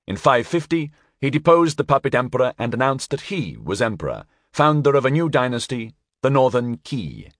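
A man reading a history audiobook aloud as a measured, storytelling narrator. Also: medium pitch, very animated, dry recording, studio quality.

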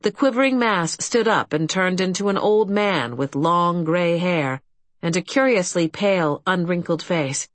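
Low-voiced woman reading a story. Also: animated, unhurried, dry recording. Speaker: audiobook narrator. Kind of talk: scripted fantasy narration.

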